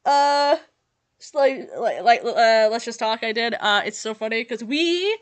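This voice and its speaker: A woman's voice: fairly high pitch, animated, measured pace. A young woman giving casual reaction commentary, giggly and rambling with lots of fillers. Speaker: YouTuber reacting to her old videos.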